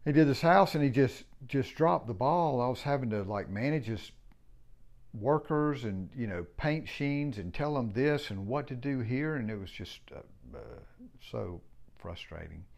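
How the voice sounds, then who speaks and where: A man's voice: mid-range voice, animated, measured pace, vocal fry, darkish tone. A middle-aged man who runs a home building company talks casually and reflectively in a rambling, frank way and swears now and then. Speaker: home builder, business owner.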